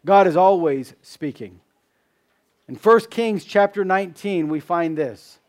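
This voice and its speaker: A man preaching a sermon, asking rhetorical questions, repeating key phrases, and dropping from loud emphasis to hushed tones. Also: high voice, expressive, measured pace. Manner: swings between loud emphasis and hushed drops.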